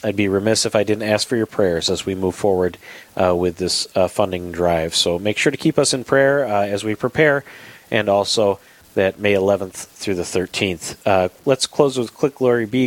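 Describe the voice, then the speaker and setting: A man's voice: lowish voice, normal speed. A man hosting a radio show in a studio, talking casually with many fillers and restarts.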